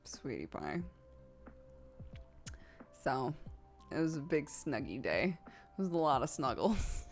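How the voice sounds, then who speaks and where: A woman streamer telling a story in casual chat, animated and full of acted-out quotes. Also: a bass voice, slow pace, long pauses, soft background music.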